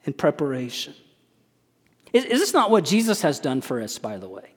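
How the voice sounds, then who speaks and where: A man's voice: a little high, wildly swooping pitch, normal speed, husky. A male pastor preaching a sermon, emphatic, often putting rhetorical questions to his congregation. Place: church sanctuary. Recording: long church hall reverb.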